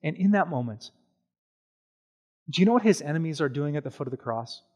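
Animated male pastor preaching. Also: fairly high pitch, husky, highs cut off. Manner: animated and conversational, with everyday examples and quick asides. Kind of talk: sermon.

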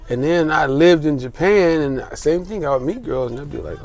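A young American man casually telling a personal story as a travel vlogger, candid and animated, acting out the voices of people he quotes. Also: on the high side, moderate pace, soft background music. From United States.

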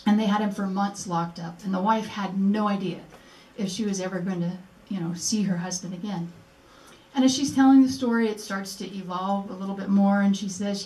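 A woman's voice: mid-range voice, steady tone, fairly quick, darkish tone. Older woman telling her story, echoey room. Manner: earnest, acts out remembered dialogue. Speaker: speaker at a memorial event. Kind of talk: personal storytelling speech. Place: museum presentation room. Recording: echoey room, mic at a distance.

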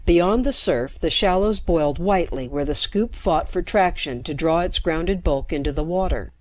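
A woman narrating a science fiction story with steady, dramatic pacing into a close mic. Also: fairly low pitch, moderate pace. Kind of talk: scripted narration.

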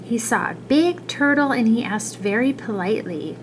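A woman reading a children's picture book aloud, expressive and adding little asides about the pictures. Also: fairly high pitch, normal speed, slight background noise, rough recording. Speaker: storybook reader.

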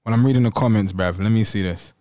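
A young man co-hosting a live call-in show, trading jokes in fast slang banter. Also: fairly low pitch, mellow. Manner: fast, jokey, ends lines with "bruv". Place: studio.

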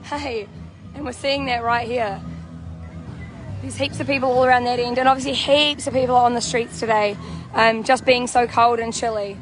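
A young woman with a New Zealand accent talks brightly to her phone as she walks through an outdoor camp, laughing often. Her voice sits a bit high. Loud music plays clearly behind her. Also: steady tone, moderate pace. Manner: bubbly, chatty, laughs often. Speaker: vlogger. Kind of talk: walking livestream vlog. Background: music playing nearby.

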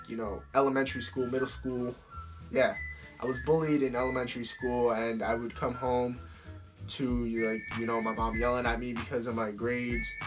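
A teenage boy answering fan questions in a casual vlog, talking bluntly with plenty of swearing and fillers. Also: mid-range voice.

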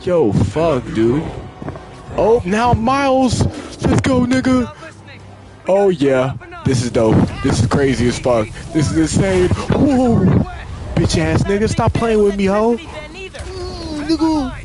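Excitable young man yelling over gameplay. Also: sits high, slow, over a noisy crowd, poor audio. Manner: loud excited exclamations, profane trash talk at enemies. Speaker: gaming streamer. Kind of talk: live gameplay commentary. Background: loud game music.

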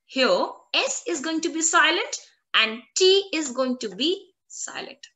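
A woman teaching a French lesson online, repeating each word slowly so learners can copy it. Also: high voice, expressive, bright, forceful tone. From India.

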